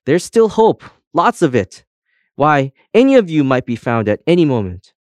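A man's voice: a little high, sing-song, moderate pace, darkish tone, dry recording, voice pushed up. Specs, a man voicing hopeful old spectacles.

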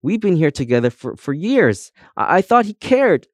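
A man voicing a timid, self-pitying male comb who wails and sobs in a high voice. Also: big pitch swings, moderate pace, a little mellow, no room sound, clean studio sound, close to an everyday voice. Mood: sobbing. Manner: high, wailing and sobbing delivery.

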